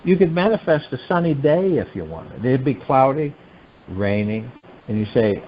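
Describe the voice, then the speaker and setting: A man hosting a meditation call, giving a spiritual teaching talk in an animated, musing way full of rhetorical questions. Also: medium pitch, normal speed, highs cut off, a little hiss or hum. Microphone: telephone conference line.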